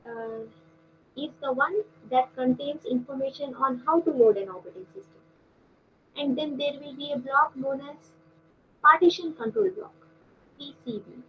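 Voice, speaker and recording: A woman lecturer with a high voice teaches an online class, walking through each point with pauses and fillers. Her voice comes through a video call that sounds dull and lo-fi, with a faint hiss underneath. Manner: explanatory, with frequent pauses and fillers.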